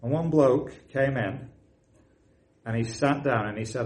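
A man preaching a sermon, telling a story and rising to loud, excited emphasis. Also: mid-range voice, measured pace, slight background noise, poor audio.

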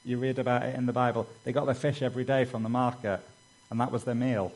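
A British man preaches conversationally, talking fast in a mid-range, darkish voice with a steady tone, over poor audio. He sprinkles in "you know" asides and acts out stories, raising his voice for quoted dialogue.

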